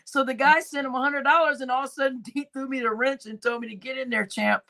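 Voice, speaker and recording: A woman's voice: high-pitched, steady tone, fast talker, sharp tone. A woman hosting a casual livestream, rambling through a story and acting out what people said. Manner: rambling, acts out quoted dialogue. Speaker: livestream host. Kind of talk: casual live-stream storytelling.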